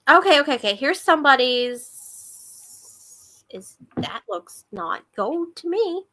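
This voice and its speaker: Giggly bright-voiced woman hosting a book chat. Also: sits high, sing-song, a little slow. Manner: giggly, rambling, lots of "like". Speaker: book club host. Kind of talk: casual chat.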